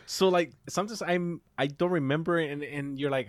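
A man telling a childhood story in casual chat, animated and swearing freely, dropping into Spanish phrases. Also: a little high, moderate pace, dry recording.

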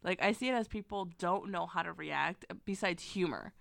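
Woman, frank casual chat, swears casually, crisp clear voice, dry close recording. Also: lowish voice, a bit bright, no room sound. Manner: frank and blunt, swears casually, quick asides.

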